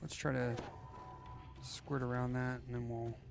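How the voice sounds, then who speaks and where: A man's voice: medium pitch, level tone, a little slow, creaky, over music. A man streaming a game and chatting casually, rambling with lots of fillers and playfully slipping into sing-song voices. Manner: rambling, with many "like" and "you know" fillers. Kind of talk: casual live gameplay chat.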